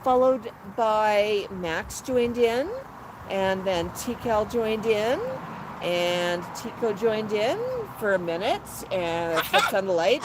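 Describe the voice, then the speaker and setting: A woman's voice: medium pitch, expressive, slow. A woman host telling a rambling story casually on a phone live stream from an outdoor patio, with plenty of fillers. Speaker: pet parrot channel host. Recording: noisy outdoor phone recording.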